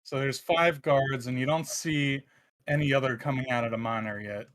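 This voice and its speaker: A man narrating as game master of a tabletop game in a relaxed way with many fillers. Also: medium pitch, normal speed.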